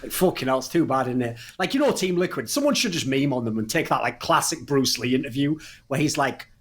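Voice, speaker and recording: A man's voice: medium pitch, expressive, quick pace, a bit bright. A man co-hosting a casual esports podcast, talking emphatically and swearing freely as he argues his points. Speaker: podcast co-host.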